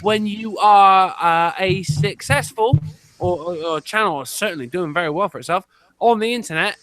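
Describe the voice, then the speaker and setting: Bright high-pitched British guy, sweary. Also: soft background music. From United Kingdom. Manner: halting, swears a lot. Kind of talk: casual group chat.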